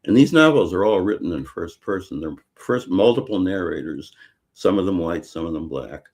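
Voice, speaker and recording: An older man from Chicago, a guest author talking in a casual interview, halting with many fillers and restarts. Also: deep voice, expressive, a little mellow.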